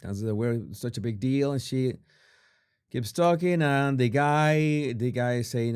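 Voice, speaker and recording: A man giving casual video commentary on body language. He talks in halting bursts and restarts his sentences often, with a dry, sarcastic edge. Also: medium pitch, a little mellow, clear, resonant tone.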